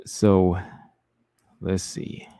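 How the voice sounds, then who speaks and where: Deep gravelly man, laid-back stream talk. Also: flat delivery, drawn-out words, mellow, no echo. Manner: laid-back, reads chat comments aloud and answers them. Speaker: livestream host reading chat. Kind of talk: casual livestream chat.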